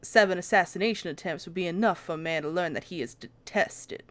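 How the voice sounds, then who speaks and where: A woman's voice: lowish voice, fairly quick, a bit bright, natural voice. Woman voicing a cynical male prime minister. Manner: dry, cynical, formal. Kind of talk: voice acting a game with friends.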